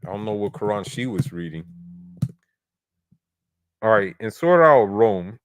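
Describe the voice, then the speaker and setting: Man, blunt, argumentative, lowish voice, dry close sound. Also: expressive, unhurried, no room sound. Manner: blunt, argumentative, recites verses in Arabic. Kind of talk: casual debate talk.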